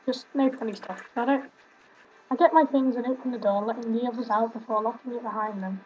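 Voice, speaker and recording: A woman's voice: on the high side, brisk, slight background noise. A young woman streaming a game, chatting and giggling between reading the on-screen text aloud, with fond asides. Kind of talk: casual let's play commentary and reading game text aloud. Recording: slightly muffled home stream audio.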